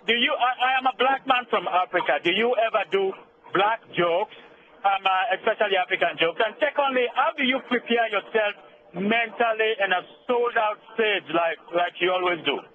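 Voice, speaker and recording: A man from Sierra Leone calling in to a radio show, asking his questions in a halting, hesitant way over a phone line. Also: high voice. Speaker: radio caller. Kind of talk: call-in question. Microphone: telephone. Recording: tinny phone line with faint hiss.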